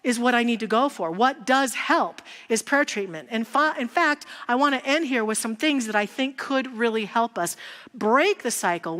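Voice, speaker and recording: A woman with a voice on the high side gives a sermon in a reverberant church sanctuary, the hall's long echo audible. She's a minister who tells stories warmly and conversationally, using rhetorical questions.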